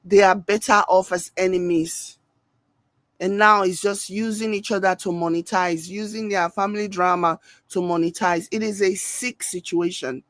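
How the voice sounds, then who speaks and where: A Nigerian woman delivers opinionated reaction commentary at a mid pitch, scolding and emphatic, dropping pidgin into her sentences. The sound is dry and close, with no room around her voice. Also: fairly even intonation, moderate pace, fairly bright tone, no room sound. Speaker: reaction video host.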